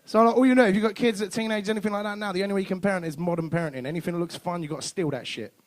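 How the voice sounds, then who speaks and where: Rapid-fire and high-pitched, this comedian in his 30s works a club stand-up set. Swearing freely, he acts out dialogue with changes in voice.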